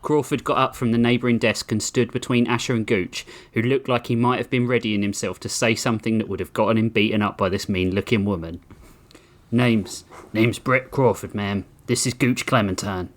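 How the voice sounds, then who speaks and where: A man reading his comic story aloud on a podcast, animated and laughing as he does character voices. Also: fairly low pitch, fast talker, hardly any pauses.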